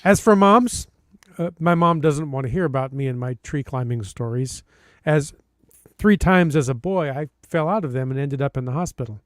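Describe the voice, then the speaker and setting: A podcast host, a man with a high voice, reads a listener's story aloud. He hams it up with playful emphasis and comic pauses. The recording is dry and close, with no room sound. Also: dry recording.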